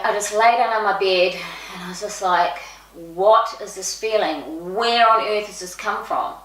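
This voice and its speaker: A middle-aged woman tells personal stories in a relaxed vlog. She is chatty and lively, and she acts out what people said. Her voice has a middle pitch and bounces around a roomy, echoey space. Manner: chatty and expressive, acts out quoted speech. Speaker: vlogger. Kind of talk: casual personal storytelling. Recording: echoey room.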